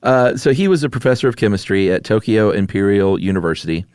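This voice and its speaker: A man's voice: lowish voice, animated, fast, a little mellow, clear, resonant tone, no room sound, studio quality. A man co-hosting a podcast in casual chat, easygoing and drawling with fillers. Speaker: podcast co-host.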